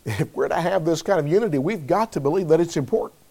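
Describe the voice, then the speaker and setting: A man preaching a sermon, speaking deliberately and calling on listeners by name. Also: fairly high pitch, animated, a little mellow.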